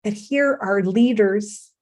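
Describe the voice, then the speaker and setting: A woman's voice: mid-range voice, slow, a little mellow. A woman teaching Torah and mindfulness in a reflective way, often checking in with her listeners.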